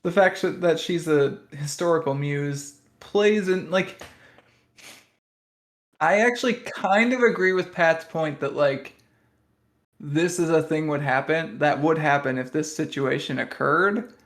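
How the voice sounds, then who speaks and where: A man co-hosting a casual podcast discussion, blunt and profane, talking in quick bursts full of "like". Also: fairly high pitch, a bit bright. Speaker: podcast co-host.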